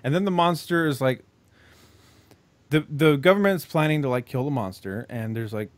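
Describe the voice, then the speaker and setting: A man's voice: a little high, moderate pace, dry recording. A man co-hosting a podcast, casually retelling a horror movie plot, swearing freely and circling back on himself with lots of filler. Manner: profane, rambling, lots of "like" and restarts. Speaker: podcast co-host.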